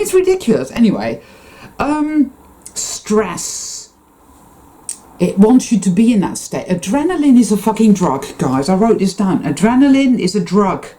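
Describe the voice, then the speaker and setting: A woman's voice: medium pitch, dark tone, low-quality recording. A woman giving an impassioned, unscripted spiritual monologue to her viewers, swearing freely and often stopping and restarting her sentences. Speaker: spiritual vlogger.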